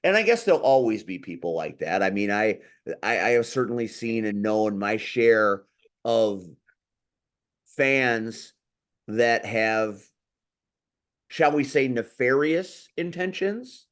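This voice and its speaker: A man's voice: on the low side, expressive, slow pace, long pauses, fairly bright tone. Blunt, swearing male podcast host. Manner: blunt, swears when worked up. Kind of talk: casual chat.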